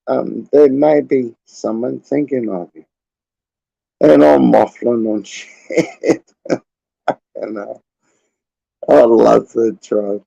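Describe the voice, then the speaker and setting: A man's voice: medium pitch, gravelly, mellow, slightly rough, dry recording, muffled recording. An Australian man in his forties, rambling casually and chuckling often as he hosts his livestream. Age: 40s. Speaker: livestream host.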